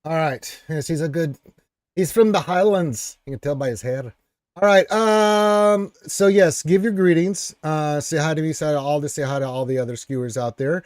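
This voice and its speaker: A man's voice: fairly high pitch, brisk, darkish tone, dry recording, studio quality. A man hosting a live stream Q&A. He talks in a boisterous, teasing way and keeps tagging his points with "right?". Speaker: show host.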